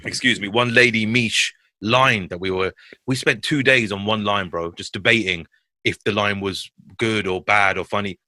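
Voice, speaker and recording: A man in his thirties from West London with a London accent, a podcast guest telling animated, slangy stories and swearing freely. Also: fairly low pitch, moderate pace, dry recording. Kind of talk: casual podcast chat.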